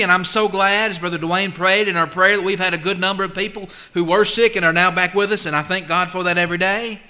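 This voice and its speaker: A male preacher with a high, bright, forceful voice delivering a sermon. He leans hard on his points, drops to near-quiet asides, then swells back up. His scripture readings come slow and measured. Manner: emphatic, swings between loud and hushed; reads scripture slowly and deliberately.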